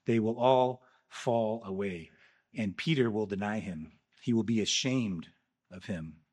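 A man preaching a sermon, emphatic, rising loud and then dropping quiet. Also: fairly low pitch, measured pace. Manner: emphatic preaching, swinging between loud rises and quiet drops. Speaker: pastor.

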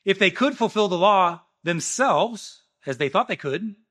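A man preaching a sermon, emphatic, rising loud and then dropping quiet. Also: sits high, lively intonation, a little slow. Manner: emphatic preaching, swinging between loud rises and quiet drops. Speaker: pastor.

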